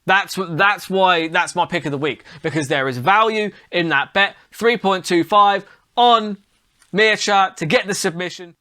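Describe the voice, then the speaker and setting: A man with a high, bright voice hosts a comedy show. He rants sarcastically and swears freely as he runs through the week's news. His delivery is loose and conversational. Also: moderate pace. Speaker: comedy podcast host.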